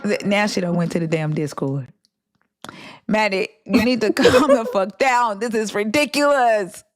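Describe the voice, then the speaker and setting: A woman's voice: mid-range voice, measured pace. A woman hosting a casual livestream chat, blunt and exasperated, swearing freely and drawling slang. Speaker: livestream host.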